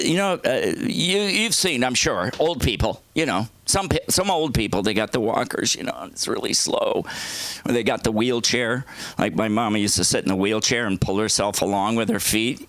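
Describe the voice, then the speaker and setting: A man does stand-up at an open mic in a comedy club, telling rambling, crude, self-deprecating stories. His pitch swings widely as he talks. His voice sounds close and dry, with little room echo. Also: fairly bright tone.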